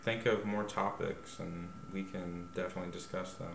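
A man's voice: low voice, flat delivery, normal speed, gravelly, slight background noise. A man as a podcast guest, giving brief laid-back replies in casual chat.

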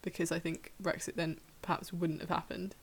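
A woman with a lowish voice leading a casual chat among friends. She puts questions to the others and laughs easily along the way. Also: flat delivery, a little fast, slightly rough. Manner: laughs often, asks questions. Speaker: podcast host asking questions.

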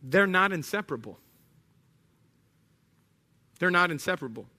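Animated pastor with bright voice. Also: male voice, high-pitched, normal speed. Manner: conversational, animated, acts out little scenes. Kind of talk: sermon.

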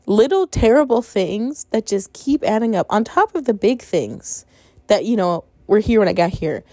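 A woman's voice: mid-range voice, animated, normal speed, dark tone, no echo. A young woman in her twenties hosting a solo podcast, telling her own stories in a frank, exasperated way and often breaking into laughter. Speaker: podcast host. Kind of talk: casual monologue.

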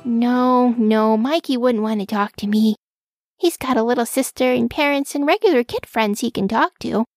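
Woman playing a small timid pet rock, high and shaky, stammering, dry sound. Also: moderate pace, dry recording, close to an everyday voice.

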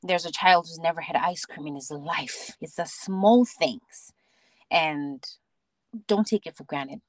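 A woman speaking as a podcast guest, telling stories about her child in an animated way, often restarting her sentences. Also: low voice, measured pace, no echo. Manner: animated storytelling with many restarts and laughs. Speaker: podcast guest, mother and theatre actor. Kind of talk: casual interview chat.

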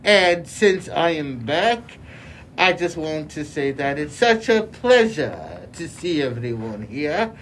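A woman's voice: low voice, very animated, slow, a little hiss or hum. A woman co-hosting a playful home show, talking in a giggly, put-on British accent. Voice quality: giggly, mock-posh. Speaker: co-host.

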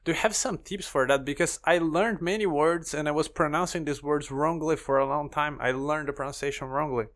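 A man's voice: a little high, steady tone, fairly quick, hardly any pauses, fairly bright tone. A man hosting a podcast, chatting casually in non-native English and asking his guest questions. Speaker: podcast host. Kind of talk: casual interview chat.

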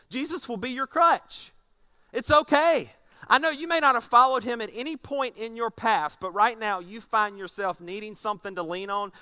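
A pastor preaching a sermon to a congregation, animated and acting out scenes, moving from soft tones to loud passages. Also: male voice, sits high. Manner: animated, swings from soft to shouting. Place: church stage before a congregation.

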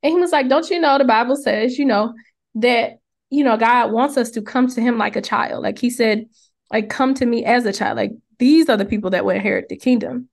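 A young woman with a somewhat high voice co-hosts a casual faith podcast. She tells a personal story with lively energy. She acts out the people she quotes. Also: fairly quick, vocal fry. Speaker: podcast co-host.

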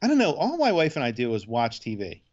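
Profane, animated man with dull sound. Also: medium pitch, fast. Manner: profane, animated, acts out characters in quotes. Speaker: podcast co-host. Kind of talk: casual chat recapping a TV episode.

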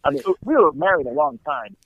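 Animated comedian man on a tinny line. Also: high-pitched, brisk, vocal fry, breathy edge, dry recording. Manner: animated, acts out quotes in character voices. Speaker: comedian guest. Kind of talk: casual storytelling. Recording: tinny phone-like line, dry.

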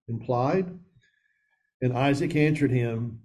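A man's voice: medium pitch, slow, warm tone, poor audio. A man leading a men's Bible study, reading scripture aloud and commenting earnestly, calling his listeners guys.

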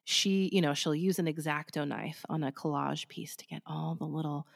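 A woman's voice: low-pitched, fairly even intonation, normal speed, creaky, long reverb tail. A woman in casual conversation, agreeing and then telling a reflective story.

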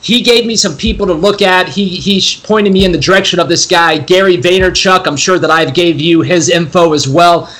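High, bright, chatty West Coast man. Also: brisk, few pauses. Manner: enthusiastic, chatty, swears freely. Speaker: podcast guest. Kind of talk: casual podcast interview.

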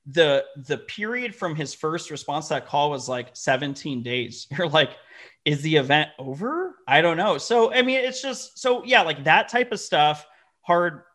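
A man, a company founder guest telling lively, profane stories in a casual interview. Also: fairly high pitch, unhurried. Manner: animated, profane, acts out quoted dialogue.

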